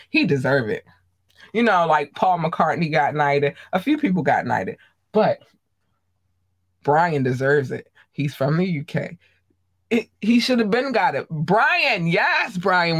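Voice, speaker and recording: A host of a live streamed show, chatting casually with viewers, excitable and gushing, tripping over words. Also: mid-range voice, measured pace, no room sound. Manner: addresses viewers directly, chatty.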